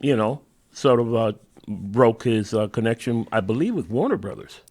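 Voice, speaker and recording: A man's voice: fairly low pitch, lively intonation, moderate pace, darkish tone. A man co-hosting a talk radio show, chiming in casually with short remarks. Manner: laid-back, mostly brief agreeing replies. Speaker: radio co-host.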